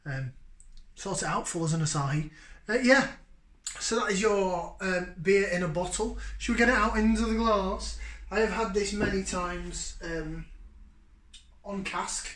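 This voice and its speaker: Male vlog host, fairly high voice, chatty and rambling, echoey room. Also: a little slow, a bit bright. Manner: chatty and rambling with many fillers. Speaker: beer review host. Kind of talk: casual beer review chat.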